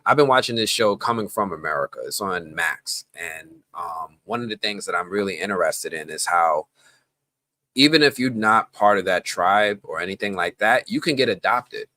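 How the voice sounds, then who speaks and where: A man's voice: low voice, moderate pace, no room sound. A man from the Bronx hosting a live stream, chatting casually and rambling off on tangents. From the Bronx, New York. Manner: animated, rambling, goes off on tangents.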